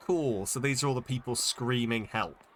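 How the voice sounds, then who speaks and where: A man's voice: mid-range voice, moderate pace, a little hiss or hum. A man streaming a game, chatting casually and thinking aloud as he sounds out Japanese words, with many fillers. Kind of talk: casual live-stream chat while reading Japanese.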